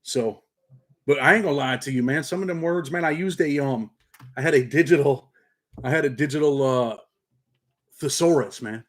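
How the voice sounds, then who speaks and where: A man's voice: medium pitch, normal speed, pauses often. Streetwise upstate New York man, slangy. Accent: upstate New York, slightly country. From Rochester, New York. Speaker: channel host and paralegal. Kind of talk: casual livestream chat, reading comments.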